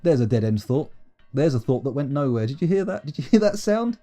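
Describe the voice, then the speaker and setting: A man's voice: mid-range voice, very animated, brisk, dark tone, soft background music. A man giving playful, rambling, self-mocking commentary while streaming a game live.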